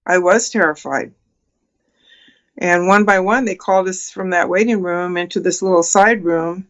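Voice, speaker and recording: A woman's voice: lowish voice, a bit bright, lo-fi sound. A woman in her sixties, a guest on a talk show, earnestly recounting a personal experience with many fillers and restarts. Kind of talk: telling a personal story in an interview.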